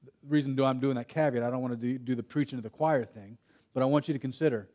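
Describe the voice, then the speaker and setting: A man's voice: medium pitch, steady tone, fast, dark tone. A young man from Texas giving a conference breakout talk, chatty and storytelling, breaking off his own sentences now and then. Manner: conversational, storytelling with self-interruptions and laughs. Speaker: workshop speaker. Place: conference room.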